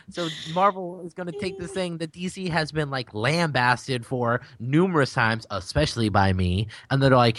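A man's voice: fairly high pitch, normal speed, fairly bright tone. A young man co-hosting a casual comics podcast, ranting angrily with a lot of swearing. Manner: angry ranting, heavy swearing. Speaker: podcast co-host. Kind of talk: casual chat.

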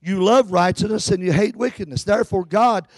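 A middle-aged male pastor preaching a sermon, talking then swelling into shouted, chanted climaxes. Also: high-pitched, brisk, no room sound.

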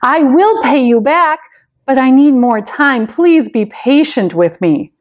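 A humble man in debt pleads for patience, his voice pitched up high and urgent, as a woman teacher acts him out. Each plea rises and falls in wide swings. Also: expressive, takes it slowly. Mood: pleading. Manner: begging, earnest.

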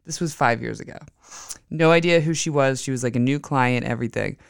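A chatty podcast host spinning a casual story with a smooth, resonant voice at a middle pitch. The sound is dry and close, with no room echo. Other people's lines get acted out along the way. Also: a little fast. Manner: chatty, animated, acts out quoted dialogue.

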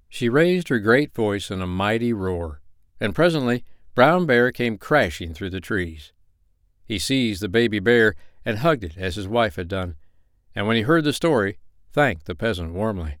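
A man narrating an old-fashioned fairy tale in a measured, expressive reading. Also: on the low side, no echo, studio quality. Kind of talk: storybook narration.

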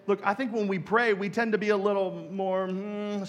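A man's voice: sits high, little pitch movement, moderate pace, few pauses, a bit bright, in a large hall. A man preaching a sermon as a pastor, casual and joking, who acts out other people's prayers in mock voices.

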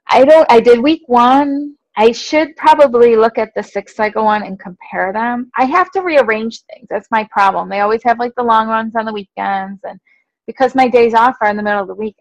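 A woman co-hosting a running podcast in casual chat, self-deprecating and quick to laugh. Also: on the high side, no echo, poor audio. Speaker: podcast co-host.

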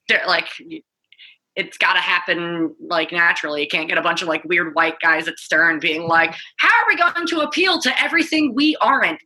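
A woman's voice: fairly low pitch, bright, forceful tone, rough recording. A woman panelist in a casual roundtable chat, talking loosely with many fillers and restarts. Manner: rambling, many fillers like "like" and "you know".

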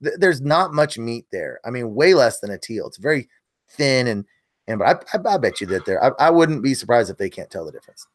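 A man's voice: medium pitch, sing-song, brisk, no room sound, studio quality. A middle-aged man co-hosting a casual podcast, telling a hunting story in an earnest, self-critical way. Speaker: podcast co-host, hunting video maker. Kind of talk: casual chat.

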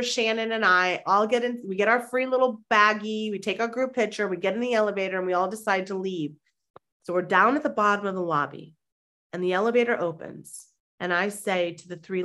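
A woman, a mindset and manifestation coach, telling a lively personal story as a podcast guest and acting out the people in it. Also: mid-range voice, a little fast. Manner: animated, acts out quoted voices; conversational with fillers like "like". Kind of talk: anecdotal storytelling in an interview.

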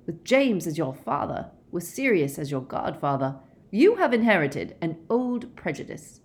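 A woman reading a calm, weary middle-aged werewolf man, measured and gentle in an audiobook. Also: fairly low pitch.

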